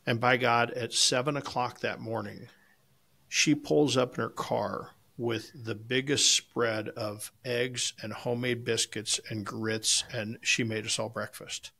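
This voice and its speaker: Gravelly, mid-pitched man; casual podcast co-host, rambling storyteller with a salty mouth. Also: steady tone, unhurried, sharp tone. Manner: rambling anecdotes with frequent restarts, salty language. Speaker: podcast co-host and competition barbecue cook.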